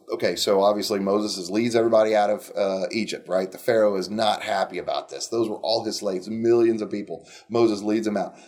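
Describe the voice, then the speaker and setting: Man, middle-aged, gravelly voice, casual Bible storytelling, animated, conversational. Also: lowish voice. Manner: animated, conversational, with frequent restarts. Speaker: Bible teacher.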